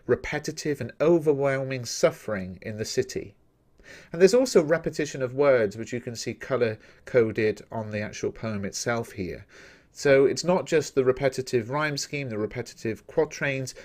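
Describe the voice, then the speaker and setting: A man teaching a recorded lesson on a poem, explaining each point in a measured, direct way to his viewers. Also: mid-range voice. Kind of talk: recorded poetry analysis lesson.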